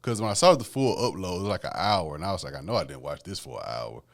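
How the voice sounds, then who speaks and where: Talking fast in a low, expressive voice, this solo podcast host chats casually about music. He keeps it laid-back and conversational, frequently adding "man" and "you know what I'm saying".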